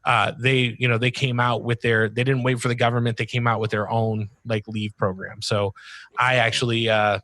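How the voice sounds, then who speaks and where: Rambling podcast host, dry close mic. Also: male voice, medium pitch, little pitch movement, normal speed, bright, forceful tone, dry recording. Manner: rambling, lots of fillers, laughs easily. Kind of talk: casual chat.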